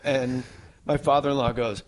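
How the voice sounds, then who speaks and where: A man from New Jersey hosting a podcast in casual chat, telling stories loudly and acting out the people he quotes. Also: mid-range voice, normal speed, slight background noise. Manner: loud, animated storyteller who acts out quotes. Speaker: podcast host.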